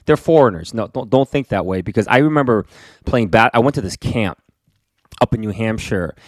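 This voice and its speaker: A man's voice: lowish voice, moderate pace, dry recording. A middle-aged man co-hosting a casual conversation, reflective and encouraging, often affirming with short agreements. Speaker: co-host.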